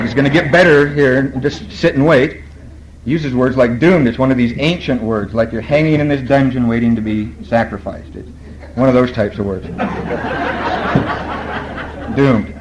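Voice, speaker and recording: A man's voice: mid-range voice, a little mellow, a little hiss or hum, rough recording. A man speaking at a recovery meeting, telling his story in a storytelling way, quoting other people and laughing at his own lines.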